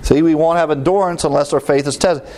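A man preaching a sermon, acting out quick inner voices with sighs and exclamations. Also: a little high, steady tone, a little mellow. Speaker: pastor.

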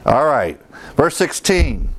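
A man's voice: a little high, big pitch swings, takes it slowly. A man preaching a verse-by-verse Bible teaching sermon in a conversational way, with frequent fillers and wry asides. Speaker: pastor teaching through scripture.

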